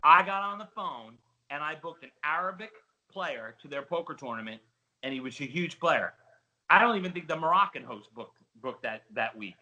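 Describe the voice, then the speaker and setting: A middle-aged man with a New Jersey accent, an excitable storyteller giving an interview as a casino host trainer. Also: a little high, moderate pace, poor audio. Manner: excitable storyteller, calls listener buddy. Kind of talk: animated interview talk.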